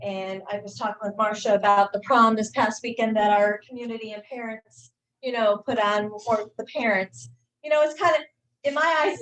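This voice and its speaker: Chatty middle-aged woman, slightly high voice. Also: rough recording. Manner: warm, halting, many fillers and restarts. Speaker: high school teacher and staff speaker. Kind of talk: informal presentation to a club meeting.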